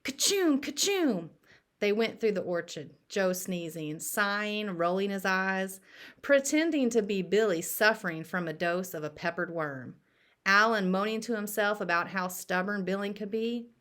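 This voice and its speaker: A woman's voice: mid-range voice, normal speed, fairly bright tone. A woman reading a children's novel aloud for elementary school students, telling the story expressively.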